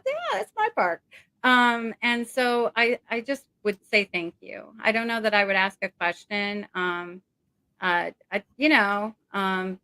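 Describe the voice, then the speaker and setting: A woman's voice: mid-range voice, pushed and bright, dry recording. A middle-aged woman talking as an interview guest over a video call, rambling and emotional with many fillers.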